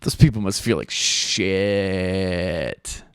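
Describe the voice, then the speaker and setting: A man's voice: deep voice, drawn-out words, a bit bright, clear, resonant tone, dry recording. A man hosting a podcast, rambling casually in a studio, swearing freely and leaning on fillers. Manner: rambling, profane, full of fillers. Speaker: podcast host.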